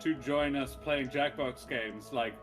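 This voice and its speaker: A man's voice: mid-range voice, slow pace, music in the background. Chatty, jokey man. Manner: jokey, rambling, laughs often. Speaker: player. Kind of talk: casual pre-game chat.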